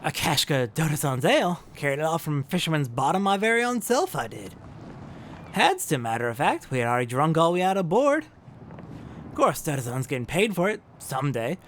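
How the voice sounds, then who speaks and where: A man's voice: a little high, very animated, brisk, fairly bright tone, a little hiss or hum. A man voicing a drunk, rowdy male sailor who rambles in a slurred pirate-style dialect. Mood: drunken rambling.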